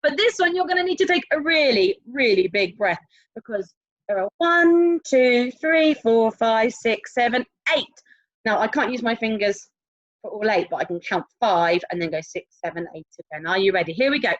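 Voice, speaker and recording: Lively encouraging woman teacher. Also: a little high, normal speed, no room sound, lo-fi sound. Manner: animated, encouraging, sing-song questions. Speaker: primary school teacher. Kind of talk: online music lesson for young children.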